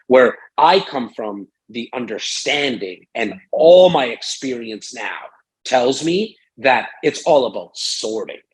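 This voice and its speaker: A man talking as a guest in a casual interview, rambling and animated, with lots of fillers and acted-out quotes. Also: medium pitch, takes it slowly, husky, poor audio. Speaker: real estate broker and sales strategist. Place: Toronto, Canada.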